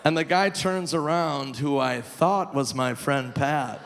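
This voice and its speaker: Stand-up comic, forties, man, lightly high-pitched, long hall reverb on the live mic. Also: slow pace, creaky, crowd noise. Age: 40s. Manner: animated, jumps into squealing high voices for punchlines. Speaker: stand-up comedian. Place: large theater stage. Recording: live venue with long reverb, faint noise.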